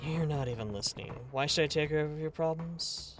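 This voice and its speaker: A man voicing a stoic young yakuza man in his own voice, with flat, matter-of-fact delivery. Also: on the high side, brisk, soft background music, natural voice. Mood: dry.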